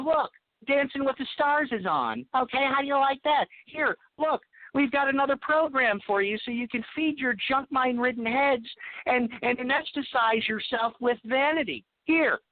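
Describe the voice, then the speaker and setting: A man putting on a condescending, mocking media voice that tells listeners to sit quietly, on a tinny radio stream. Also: extremely high pitch. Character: smug male media voice talking down.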